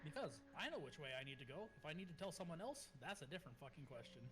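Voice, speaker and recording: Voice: medium pitch, big pitch swings, a bit bright, soft background music. A co-player in casual, blunt banter during a game stream. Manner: blunt, swearing, fast talk.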